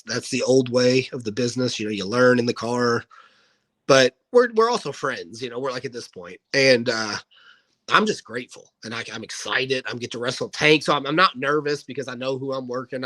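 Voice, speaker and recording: Bright-voiced man telling wrestling stories. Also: medium pitch, a little fast, low-quality recording. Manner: animated anecdote-telling, acting out quoted dialogue. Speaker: guest, professional wrestler. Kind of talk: casual storytelling in an interview.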